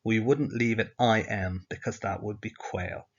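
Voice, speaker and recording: A male teacher leads a language lesson built on slides, patiently explaining each step and putting questions to the learner. His voice is lowish and fairly even in intonation, with a measured pace, and the audio is dull and lo-fi.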